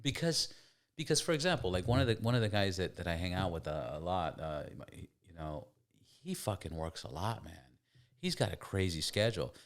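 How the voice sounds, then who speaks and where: Animated deep-voiced man, swearing. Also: moderate pace. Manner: animated, swears often, stammers and repeats words. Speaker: podcast host. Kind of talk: casual debate.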